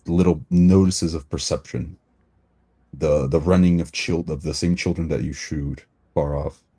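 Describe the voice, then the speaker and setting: A man narrating a tabletop game as game master, descriptive and deliberate. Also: rumbling low, dark tone, breathy edge.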